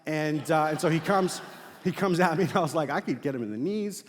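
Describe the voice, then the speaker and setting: A young man preaching a sermon as pastor, telling stories in a casual, animated way with fillers and laughs. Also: fairly high pitch, fairly quick, a little hiss or hum. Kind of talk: sermon with storytelling. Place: large church auditorium. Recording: long hall reverb.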